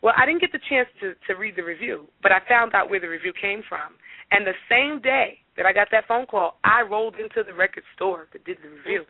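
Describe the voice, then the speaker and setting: A woman singer being interviewed on talk radio, telling stories in a lively way and acting out the dialogue. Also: mid-range voice, fairly quick, no echo. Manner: animated, acts out dialogue in her stories. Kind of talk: casual radio interview storytelling. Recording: dry, phone-like radio audio.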